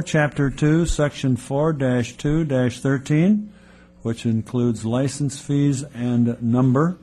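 A man chairing a city committee meeting, briskly reading agenda items and calling votes. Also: mid-range voice, darkish tone. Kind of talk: formal meeting procedure.

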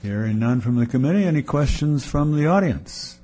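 A man chairing a city committee meeting, briskly reading agenda items and calling votes. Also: medium pitch, lively intonation, mellow. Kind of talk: formal meeting procedure.

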